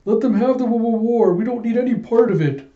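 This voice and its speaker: A frantic, stammering coward of a soldier, pitched high and pushed loud, as a man reads him out. He trips over his words in blind panic. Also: fairly quick, reverberant, narrow, tinny audio. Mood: panicked.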